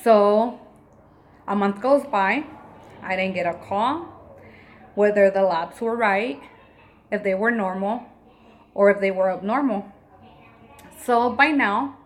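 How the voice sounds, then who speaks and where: Emotional mom telling a story to camera. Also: female voice, medium pitch, slight background noise. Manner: emotional, animated retelling with quoted dialogue. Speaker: mother and vlogger.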